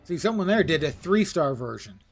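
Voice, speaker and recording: A man's voice: fairly high pitch, very animated, a little fast, creaky, slightly rough, faint music behind. A man livestreaming a game, giving casual commentary in a wry, self-deprecating way.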